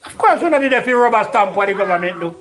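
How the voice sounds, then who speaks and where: A man's voice: high voice, lively intonation, fast talker, fairly bright tone. A man with a Jamaican accent talking politics in a loose, rambling way. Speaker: political debater. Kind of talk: casual political discussion.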